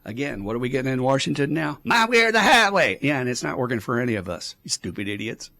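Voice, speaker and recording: A man's voice: medium pitch, fast talker, gravelly, no room sound. A man talking as an addiction counselor in a casual podcast, with a blunt, profane coaching manner. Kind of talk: casual advice podcast talk.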